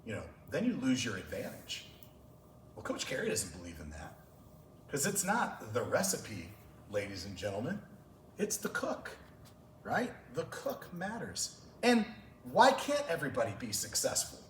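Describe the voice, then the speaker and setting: A man's voice: medium pitch, huge pitch swings, a little slow, fairly bright tone, a little hiss or hum. A man who coaches track and field, telling stories to fellow coaches at a clinic with passion and open emotion. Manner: passionate storytelling, gets emotional. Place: large conference room. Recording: echoey room, voice far from mic.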